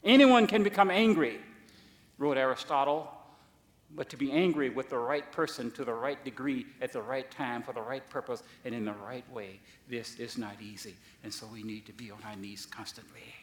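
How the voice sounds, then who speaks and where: A man pastor preaching a sermon, swinging from soft asides to loud, high-pitched emphasis. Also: steady tone, moderate pace. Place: church sanctuary. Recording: echoey church hall.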